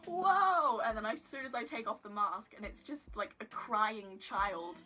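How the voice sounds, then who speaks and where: Bright-voiced giggly woman vlogger. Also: medium pitch, moderate pace. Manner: giggly, rambling, self-deprecating, lots of "like". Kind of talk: casual storytelling vlog. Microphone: phone camera.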